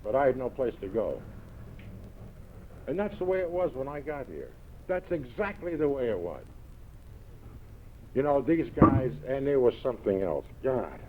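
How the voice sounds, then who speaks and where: A man with a New York accent telling gruff, punchy stories to a meeting audience, full of quoted one-liners. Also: fairly low pitch, slight background noise. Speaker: recovery meeting speaker. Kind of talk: storytelling talk to an audience. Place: large event hall. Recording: tinny old 1970s tape recording.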